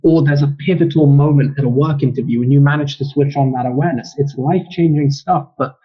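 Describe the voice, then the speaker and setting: A man being interviewed as a trading guest, explaining his views calmly. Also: fairly high pitch, fast talker. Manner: calm, explanatory. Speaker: trader guest. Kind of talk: interview answers. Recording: dull lo-fi audio.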